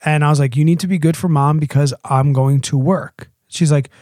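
A man in his thirties co-hosting a relaxed podcast, chatty and fond of mimicking a toddler in a squeaky voice. His voice sits a little high, and the sound is close and dry with no room around it. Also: brisk, no echo. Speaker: podcast co-host. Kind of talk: casual podcast chat.

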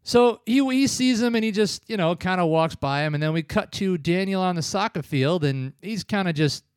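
A man's voice: sits high, expressive, moderate pace, smooth, no room sound, studio quality. A man in his thirties casually reviewing an old film, rambling and acting out the scenes in voices. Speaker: podcast co-host. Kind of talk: casual movie-review chat.

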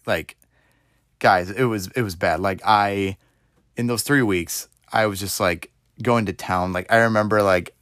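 A man in his twenties telling a story in a casual monologue, rambling and filling gaps with "like", getting animated as he retells it. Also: lowish voice, a little slow, dry recording, studio quality. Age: 20s. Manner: rambling, heavy use of "like" fillers; animated retelling with rising exclaims. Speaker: podcast host.

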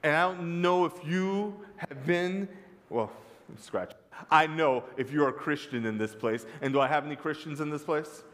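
A man's voice: on the high side, moderate pace, a bit bright. A male pastor preaching a sermon in a church, telling stories and calling out to his congregation with emphasis, his voice ringing with long reverb. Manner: storytelling, emphatic, calls to the congregation. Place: church sanctuary.

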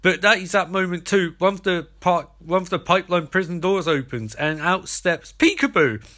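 A man's voice: sits high, lively intonation, moderate pace, sharp tone. A man giving a rambling, sarcastic comedic recap of a TV episode. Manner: sarcastic, rambling, acts out the characters' lines.

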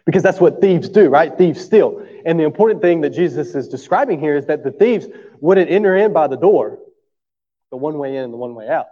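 A man's voice: on the high side, expressive, fairly quick, big-room sound, lo-fi sound. A man preaching a sermon. He talks to the room in a conversational way, often checks for agreement, and has an allergy cough. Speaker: pastor.

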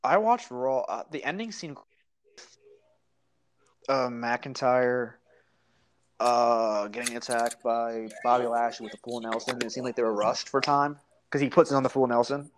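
A man's voice: medium pitch, unhurried, pauses often, a little hiss or hum. A man co-hosting a podcast in casual chat, rambling with many fillers and restarts and swearing casually. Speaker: podcast co-host.

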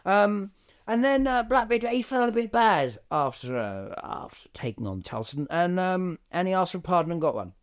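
A man co-hosting a comedy podcast, rambling through the story with plenty of ums and deadpan absurd tangents. His voice sits a little high and swoops about a lot. He keeps it chatty and unhurried. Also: clear, resonant tone. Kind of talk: improvised comic chat.

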